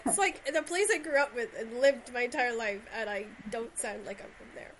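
On her podcast, a woman from Shetland, Scotland, with a Scottish accent rambles at length in a casual conversational interview. Her voice is on the high side with lively intonation and normal speed, and the rough recording has a little hiss or hum.

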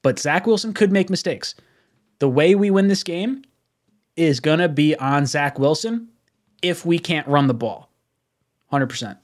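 Excitable, foul-mouthed tipsy man. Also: fairly high pitch, measured pace, pauses often. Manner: excitable, swears freely, laughs a lot. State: tipsy from drinks. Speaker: stream host. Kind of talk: casual sports chat.

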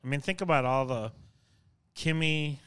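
A man's voice: on the high side, moderate pace, fairly bright tone, clean tone, no echo. A man co-hosting a podcast, chiming in with short, wry asides in casual chat. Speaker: podcast co-host.

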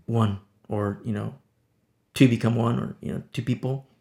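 Gravelly-voiced man preaching casually. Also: mid-range voice, fairly even intonation, moderate pace, warm tone. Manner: conversational preaching, acting out little scenes. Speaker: pastor. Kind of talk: informal sermon on a Bible passage.

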